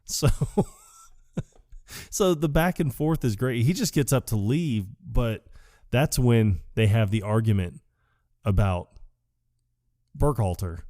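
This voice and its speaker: A man's voice: mid-range voice, expressive, warm tone, dry recording, clean studio sound. A man co-hosting a podcast in casual chat, retelling scenes with frequent laughter. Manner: retells movie scenes with lots of laughter and quick quoted bits. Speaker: podcast co-host.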